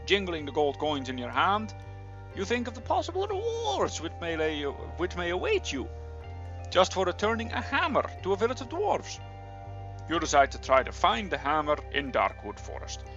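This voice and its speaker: A man's voice: high-pitched, normal speed, soft background music. A young man reading a fantasy gamebook aloud, playfully breaking in with joking asides, on a slightly dull recording. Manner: playful, animated, breaks in with jokey comments. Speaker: reader of a gamebook.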